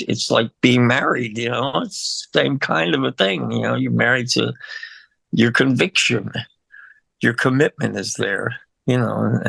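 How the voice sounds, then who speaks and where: Gravelly older man, rambling and emotional. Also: medium pitch, fairly bright tone, dry recording. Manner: rambling, emotional, laughs often, frequent fillers. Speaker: guest musician. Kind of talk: casual interview.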